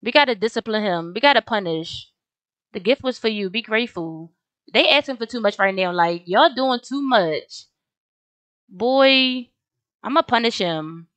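A woman's voice: fairly high pitch, expressive, measured pace, a bit bright, no room sound. A young woman casually commenting on her game as she plays, chatty and slangy, often talking straight to her viewers. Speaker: gaming video host.

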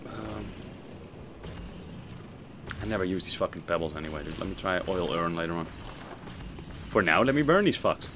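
A man's voice: sits low, lively intonation, moderate pace, long pauses, background noise. Profane joking male game streamer. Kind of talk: casual gaming stream commentary.

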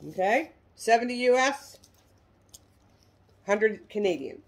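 Speaking slowly with a slightly high pitch and lively intonation, this middle-aged American woman chats through her handbag listings. It's a relaxed product show-and-tell from an online reseller who pokes fun at herself in a homespun manner.

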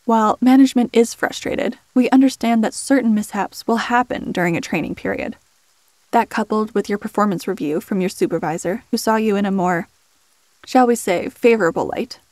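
A woman voicing a smooth middle-aged male HR boss with polished, condescending politeness. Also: medium pitch, a little fast, darkish tone, no room sound, lightly acted. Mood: smug.

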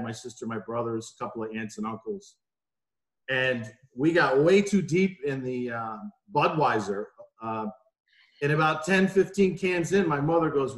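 A man's voice: mid-range voice, a bit bright, reverberant. Chatty storytelling man in his 40s. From New York. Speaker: podcast guest. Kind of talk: casual interview chat. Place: home room.

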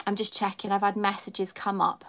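A woman's voice: medium pitch, flat delivery, moderate pace, fairly bright tone. A woman chatting effusively with viewers on a live stream, greeting them by name as a YouTuber and collector.

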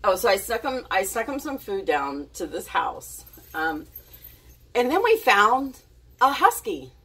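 A woman's voice: medium pitch, huge pitch swings, measured pace, fairly bright tone, husky, far from the mic. A woman telling a casual story to her camera, chatty and giggly, with plenty of fillers and restarts. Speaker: vlogger.

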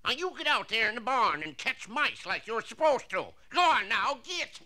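A man's voice: very high-pitched, sing-song, normal speed, pushed and bright, voice pushed down, heavily acted. A man voicing a grumpy old farm owner who scolds and bosses a cat, on a vintage storybook record. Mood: scolding. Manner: scolding, bossy.

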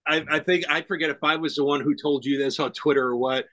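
Middle-aged guy, bright voice, kinda high, acting out what people said, dry close mic. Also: fast, no room sound, lo-fi sound. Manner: animated storyteller who acts out quoted lines. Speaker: podcast guest. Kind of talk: casual conversation.

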